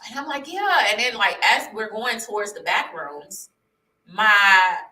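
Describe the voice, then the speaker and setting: Emotional woman with a bright voice. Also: mid-range voice, lively intonation, measured pace. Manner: earnest, heartfelt, rambling with restarts. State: emotional, near tears. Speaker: vlogger sharing her testimony. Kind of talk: emotional personal testimony. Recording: roomy sound, mic at a distance.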